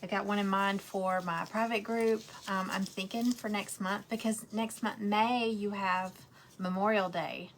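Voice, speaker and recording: A woman's voice: medium pitch, steady tone, measured pace, slight background noise. Woman, casual rambling host of a home craft livestream. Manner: chatty, rambling, talks straight to viewers.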